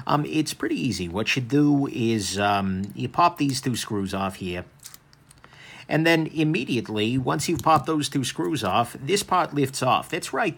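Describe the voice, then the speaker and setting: A man with a husky, slightly breathy voice talks through a knife teardown at an easy, conversational clip. He wanders off into joking asides and fills gaps with plenty of ums. His pitch sits in a plain middle range. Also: a bit bright. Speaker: knife reviewer. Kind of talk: casual hands-on product review.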